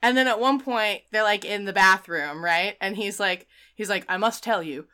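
A woman co-hosting a casual chat, retelling a film scene by scene in an animated way, with frequent laughs. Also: medium pitch, normal speed, clean tone. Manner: animated storyteller, acts out the quotes, laughs often. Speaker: podcast co-host. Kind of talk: casual movie recap chat.

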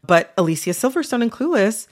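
A woman's voice: fairly high pitch, big pitch swings, a little fast. A woman hosting a casual podcast conversation, talking in a chatty way with lots of "like" fillers. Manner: chatty, filler-heavy with frequent "like". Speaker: podcast host.

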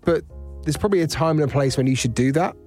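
A man co-hosting a casual podcast, telling a lively anecdote with laughter and acted-out voices. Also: a little high, fast talker, faint music behind. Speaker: podcast co-host. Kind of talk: casual storytelling chat.

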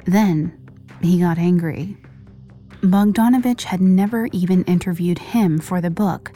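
A woman narrating a scripted true-crime story with measured pacing and dramatic pauses. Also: on the low side, dark tone, faint music behind. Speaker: podcast narrator.

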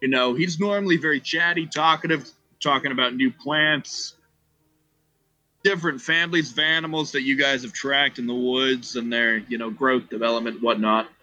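A man narrating a tabletop game as game master, loose and halting with fillers. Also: medium pitch, steady tone, bright, forceful tone, dry recording, low-quality recording.

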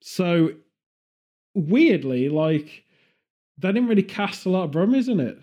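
A man's voice: sits high, sing-song, unhurried, dark tone. A man from Birmingham with a Birmingham accent, chatting casually and rambling, laughing often. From Birmingham, England. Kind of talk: casual chat.

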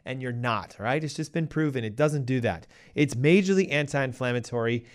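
A middle-aged man hosting a health show, giving emphatic, punchy advice full of rhetorical questions and quick asides. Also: mid-range voice. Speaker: health podcast host. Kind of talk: energetic health advice talk.

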